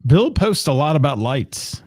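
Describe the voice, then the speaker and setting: A man hosts a relaxed, jokey chat show on local radio, teasing his co-host and reading comments aloud. His voice is mellow and a little husky, recorded dry and close. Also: fairly high pitch, unhurried, dry recording. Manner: joking, teasing, laughs often. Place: live streamed radio show studio.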